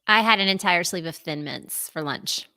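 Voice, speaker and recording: A woman's voice: on the low side, moderate pace, pushed and bright, no room sound. Bubbly woman hosting a chatty live stream. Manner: bubbly, chatty, laughs often. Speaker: host. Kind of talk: casual live-stream chat.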